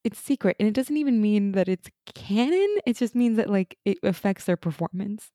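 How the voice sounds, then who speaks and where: A woman's voice: mid-range voice, lively intonation, dark tone, dry recording, studio quality. A woman co-hosting a casual rewatch podcast who talks with lots of "like" and laughs easily. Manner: chatty, uses "like" often, quick laughs. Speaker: podcast co-host.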